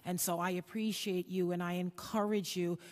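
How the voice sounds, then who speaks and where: A woman chairing a council committee hearing, speaking in earnest, measured formal remarks with some filler ums. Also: fairly low pitch, fairly even intonation, darkish tone. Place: large council chamber. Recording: long echo of a large hall.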